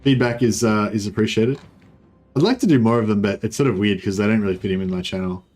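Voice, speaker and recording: An Australian man in his young adult years chats through a strategy game livestream. His voice sits a bit low, and he rambles in a relaxed way with many "like"s and "um"s. Faint game music plays behind him. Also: fast talker. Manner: rambling, filler-heavy, laid-back. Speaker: gaming streamer. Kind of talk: casual livestream commentary.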